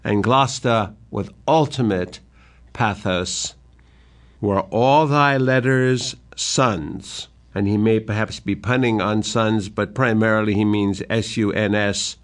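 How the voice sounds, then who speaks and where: A man giving a literary lecture in a deliberate manner that swells with drama whenever he quotes verse. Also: lowish voice, steady tone. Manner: deliberate, rising dramatically when quoting verse.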